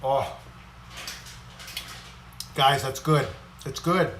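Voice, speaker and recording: A man's voice: medium pitch, steady tone, very slow, fairly bright tone, slight background noise. A man hosting a casual cooking live stream, chatting with viewers and greeting them by name, sometimes moving away from the mic as he cooks. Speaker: livestream cooking host.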